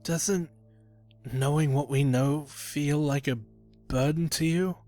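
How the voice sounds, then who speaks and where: A man's voice: fairly high pitch, steady tone, slow, dark tone, soft background music, voice pushed up. A man voicing a frightened, unhinged young man who stammers and pleads, in a creepypasta reading. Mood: pleading. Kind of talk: creepypasta narration.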